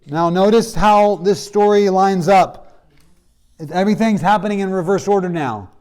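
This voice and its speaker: A man's voice: high voice, normal speed, darkish tone. A man teaching a Bible history class, telling the story casually and acting out the characters' lines, with students chiming in now and then. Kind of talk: classroom lecture.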